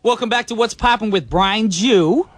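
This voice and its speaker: A man's voice: sits high, normal speed, no room sound. A man hosting a radio show, teasing his co-hosts in casual, playful banter from the studio. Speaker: radio DJ host.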